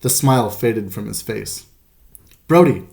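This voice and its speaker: A man reading a children's storybook aloud as the narrator, in a measured, gentle way. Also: medium pitch, creaky. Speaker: audiobook narrator. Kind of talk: scripted narration.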